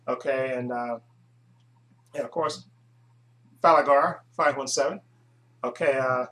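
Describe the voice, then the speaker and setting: A man's voice: medium pitch, low-quality recording. A man hosting his own video channel, chatting casually to camera with many hesitations and restarts. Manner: rambling, full of hesitations and restarts. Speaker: YouTube channel host.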